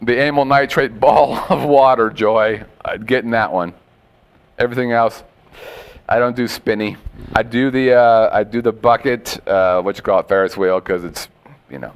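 A man's voice: medium pitch, normal speed, clear, resonant tone. A man hosting a podcast, telling jokey stories in casual banter and often laughing.

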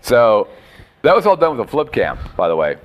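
A man's voice: mid-range voice, wildly swooping pitch, moderate pace, a little hiss or hum. A man hosting a podcast, telling jokey stories in casual banter and often laughing.

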